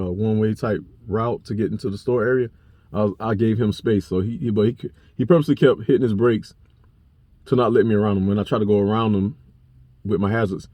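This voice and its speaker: A young man vlogging, telling a personal story to camera in a blunt, profane, animated way. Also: on the low side, no room sound. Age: young adult.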